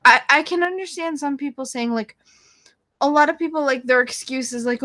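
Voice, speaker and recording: A woman's voice: sits high, normal speed, a bit bright, no echo. Woman, casual vlog chat, rambling, blunt, profane, lots of fillers, dry room. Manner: frequent fillers and self-corrections. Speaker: YouTube channel host. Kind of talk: casual chat answering viewers.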